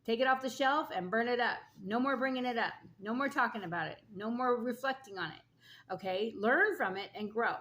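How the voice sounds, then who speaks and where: A woman with a somewhat high voice gives a spiritual oracle card reading. She moves between reading the card's message and chatty, encouraging asides aimed at the listener. She keeps checking in with a quick "okay?" or "all right?". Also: a bit bright. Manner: reads card text, then adds casual asides with frequent "okay?" and "all right?"; earnest and encouraging, speaking straight to the listener.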